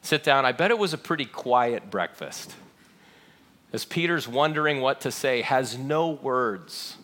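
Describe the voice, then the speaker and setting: A man's voice: medium pitch, animated, a little slow, a bit bright. A man preaching a sermon, telling a story with earnest feeling and acting out the quoted lines. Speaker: pastor.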